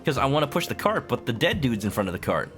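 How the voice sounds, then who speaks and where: Chatty male game streamer, lively pitch. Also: quick pace. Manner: chatty, explains as he plays. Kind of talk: casual live-stream commentary. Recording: game music underneath.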